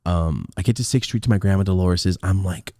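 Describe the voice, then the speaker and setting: Low-voiced man telling a story. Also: fairly quick, no room sound, studio quality. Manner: animated, profane, laughs often. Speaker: podcast host. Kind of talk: casual storytelling. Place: podcast studio.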